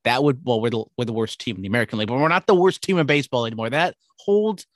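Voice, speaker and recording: A man co-hosting a casual sports talk show, running through scores and records with wry, upbeat energy. His voice is mid-pitched and sounds dry and close, with no room around it. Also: racing, no echo. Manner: upbeat, wry, jumps between stats and jokes. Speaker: podcast co-host.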